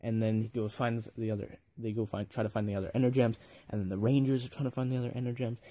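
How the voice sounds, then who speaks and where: A man's voice: mid-range voice, level tone, fast talker, dark tone, no room sound. A young man giving a casual, rambling video review, full of fillers and enthusiasm.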